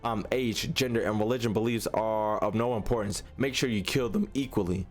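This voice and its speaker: A man reading out the lines of a vengeful young woman, a cold and mocking witch-saint, in a slow sneering way. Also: lowish voice, fairly even intonation, soft background music, pitched below the performer's own voice, natural voice. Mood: cruel.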